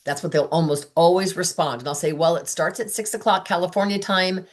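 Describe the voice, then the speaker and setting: A woman with a low, full voice runs a training session for her sales team. She talks with lively enthusiasm and slips into quick voices for the messages and replies she quotes. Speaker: sales director giving training. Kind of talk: training talk.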